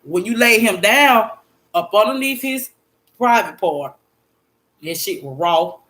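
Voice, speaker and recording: A young woman vlogger telling a personal story in a blunt, profane, repetitive way, breaking into loud exclaimed quotes. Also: medium pitch, lively intonation, a little slow. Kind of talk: emotional storytime monologue.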